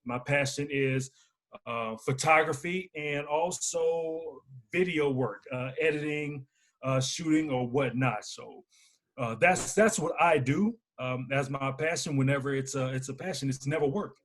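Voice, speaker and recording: A man from Alabama, a business owner and podcast guest, telling his story in a lively, playful, casual way. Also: fairly high pitch, measured pace. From Huntsville, Alabama. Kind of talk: casual conversational interview.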